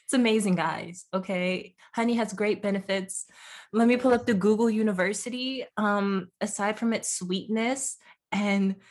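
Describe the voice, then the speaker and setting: A woman's voice: medium pitch, moderate pace. A young woman co-hosting a podcast in playful, jokey casual chat, laughing often. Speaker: podcast co-host.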